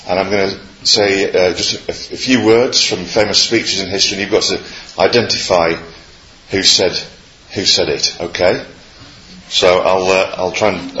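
Opening a sermon with a quiz, a guest preacher addresses the congregation in a deep, sharp voice, hesitating often, using lots of fillers and slipping in light jokes. The audio is muffled and echoey, and the congregation can be heard.

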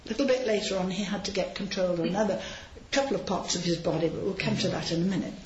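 A woman's voice: on the low side, fast talker, a little mellow. A woman giving an informal sermon, chatty and anecdotal, with frequent asides, recorded in a large hall. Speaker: preacher. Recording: roomy, slightly dull hall recording.

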